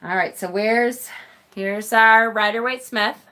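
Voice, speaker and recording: A woman chats through a relaxed tarot live stream and reacts to her viewers' comments. She is blunt and swears freely, and laughs and sighs often. Her voice sits a little high, with a sharp, bright tone. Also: measured pace. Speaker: tarot channel host.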